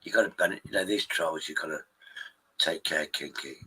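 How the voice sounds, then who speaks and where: Bright-voiced man, rambling and swearing. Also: very deep voice, moderate pace, slightly rough, rough recording. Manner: swears freely, rambling with many restarts. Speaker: live stream host. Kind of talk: rambling casual chat with viewers.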